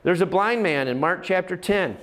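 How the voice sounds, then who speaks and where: Passionate preacher with a fairly high voice. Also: male voice, lively intonation, normal speed, fairly bright tone. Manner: passionate storytelling preacher, repeats phrases for emphasis. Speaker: pastor. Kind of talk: sermon.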